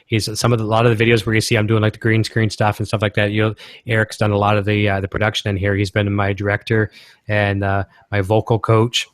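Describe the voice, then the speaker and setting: A man's voice: lowish voice, monotone, fast talker, no room sound, studio quality. A man from Canada hosting a casual guitar-gear livestream, talking in an enthusiastic, rambling way.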